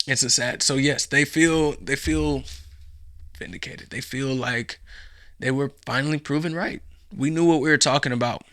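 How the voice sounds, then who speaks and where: Gravelly, bright-voiced man ranting. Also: medium pitch. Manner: profane, sarcastic, rambling riffs. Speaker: podcast host. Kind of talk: comedic monologue.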